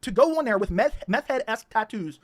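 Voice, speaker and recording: A man with a Baltimore accent runs his own YouTube channel and delivers a ranting monologue full of heat and mockery, repeating himself along the way. His voice sits high, with lively intonation and a slightly fast pace.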